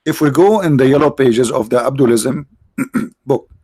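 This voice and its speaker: A man hosting a live stream with mocking, sarcastic commentary and rhetorical questions, his voice tired, clearing his throat now and then. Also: mid-range voice, moderate pace, mellow, no room sound. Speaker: online show host.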